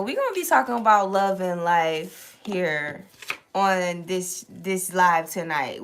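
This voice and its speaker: A woman's voice: on the low side, a bit bright. Chatty young woman hosting a tarot live. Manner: chatty and loose, answers viewer comments, swears freely. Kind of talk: casual live-stream chat and tarot reading.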